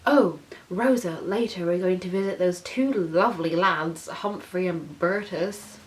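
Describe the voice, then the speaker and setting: A woman's voice: on the low side, unhurried, a little hiss or hum, lightly acted. A woman voicing a posh, scheming middle-aged father in a storybook. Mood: breezy.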